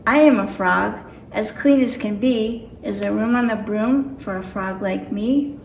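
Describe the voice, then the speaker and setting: A woman voicing a cheerful, dripping wet little male frog from a picture book, in a gentle sing-song reading. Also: mid-range voice, unhurried, creaky, a little hiss or hum. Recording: roomy echo, mic far off.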